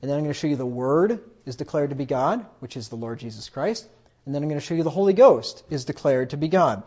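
A man preaching a sermon, who gets emphatic and loud when he quotes scripture. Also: a little high, animated, fast. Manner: emphatic, rises loudly when quoting scripture. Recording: dull lo-fi recording.

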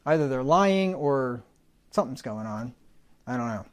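A man's voice: mid-range voice, lively intonation, moderate pace. A man preaching a sermon in a conversational teaching manner, defining words and adding folksy humorous asides.

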